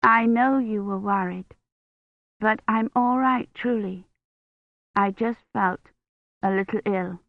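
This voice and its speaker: A woman's voice: mid-range voice, takes it slowly, long pauses, no room sound. A woman reading an audiobook voices a young woman shivering with fever, her speech unsteady and pleading, recorded on tinny, dry phone-like audio. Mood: reassuring. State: teeth chattering, feverish.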